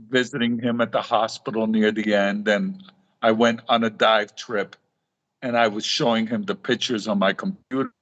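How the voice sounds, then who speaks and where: Here the middle-aged reef aquarium author, guesting on a live talk show, speaks on the low side with a fairly bright tone, and the highs are cut off. He tells stories, performs quoted dialogue, and often begins sentences again.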